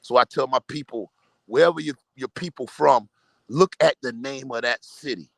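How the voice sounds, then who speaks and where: Gravelly man in loose slangy talk. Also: mid-range voice, normal speed, a bit bright, no echo. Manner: loose, slangy, builds long metaphors. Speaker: truck driver and caller. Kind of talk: casual group discussion.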